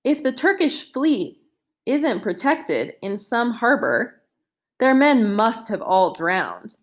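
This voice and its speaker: Woman, audiobook narration, slow pace, measured, light voicing of characters. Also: a little high, big pitch swings. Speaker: narrator reading a modern retelling of a play.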